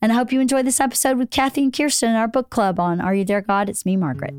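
A middle-aged woman with a Southern US accent hosting a podcast, hoarse from losing her voice, chatting and laughing often. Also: on the high side, steady tone, very fast, a little mellow, soft background music. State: hoarse, recovering lost voice. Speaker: podcast host. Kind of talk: casual chat.

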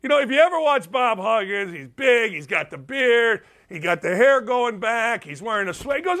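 Sports radio host, a man with a high, bright voice, blunt and sarcastic, lively delivery. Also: moderate pace, hardly any pauses. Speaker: sports talk show host. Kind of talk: opinionated sports talk monologue.

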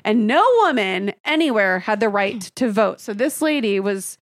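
A woman's voice: mid-range voice, expressive, moderate pace, no echo, studio quality. A woman in her thirties co-hosting a podcast in casual chat, blunt and opinionated and swearing freely. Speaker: podcast co-host.

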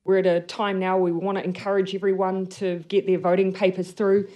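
A woman politician answering press questions, measured and restarting mid-sentence. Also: medium pitch, level tone, mellow.

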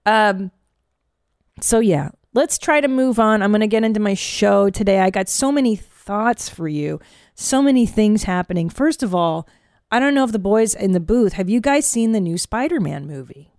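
Woman comic hosting her podcast, blunt and profane, rambling; mid-pitched, dry studio sound. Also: expressive, normal speed, a little mellow, dry recording. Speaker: podcast host and stand-up comedian. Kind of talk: casual podcast chat. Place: studio booth.

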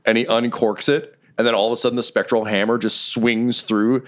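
A man's voice: medium pitch, level tone, fairly quick. A man narrating a tabletop game as game master, playful and often laughing.

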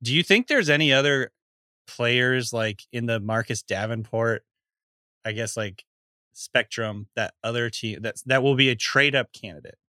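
A man's voice: mid-range voice, normal speed, bright, forceful tone, no echo, studio quality. A man co-hosting a podcast in casual chat, laughing easily and musing with hesitant restarts. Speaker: podcast co-host.

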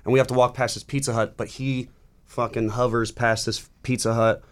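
Guy in his 30s spinning a messy story, cussing a lot, normal pitch. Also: little pitch movement, a little fast, smooth. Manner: rambling storyteller, swears freely, frequent restarts. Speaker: musician guest. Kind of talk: casual chat.

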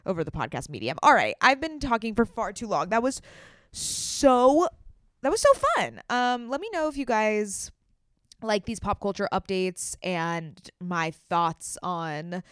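A woman's voice: mid-range voice, fairly bright tone, clear, resonant tone, no echo, clean studio sound. A young woman hosting a podcast in a casual solo chat, chatty and giggly, tripping over her words now and then. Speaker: podcast host.

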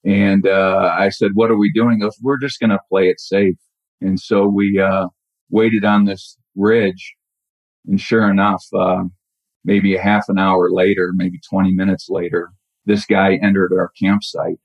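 Middle-aged guy telling an old story, husky low voice, dull lo-fi sound, halting. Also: level tone, dry recording. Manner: halting, reflective, many restarts. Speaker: caller telling a true story. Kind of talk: personal storytelling. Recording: dull lo-fi audio.

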